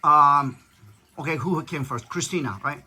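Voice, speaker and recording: Blunt, high-voiced man lecturing bluntly. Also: measured pace, pushed and bright, husky. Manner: blunt, profane, lecturing storyteller. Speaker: father talking with his daughter. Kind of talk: casual chat.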